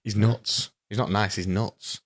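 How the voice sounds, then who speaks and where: A young man co-hosting a podcast in casual banter, grumpy and deadpan. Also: on the low side, measured pace. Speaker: podcast co-host.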